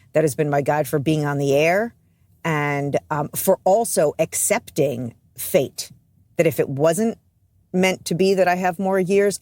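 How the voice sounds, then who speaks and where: A woman's voice: low voice, a little mellow, no room sound. A woman from the East Coast, a radio host appearing as a guest, speaking reflectively and earnestly in a candid interview. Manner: reflective, earnest, self-deprecating.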